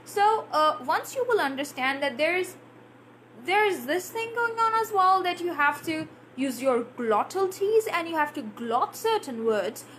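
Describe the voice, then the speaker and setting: A woman's voice: very high voice, expressive, measured pace, a bit bright, slight background noise. A woman English teacher answering viewer questions in a live lesson, reading out comments and demonstrating pronunciation. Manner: chatty, reads out viewer comments and answers them; demonstrates pronunciation by exaggerating words.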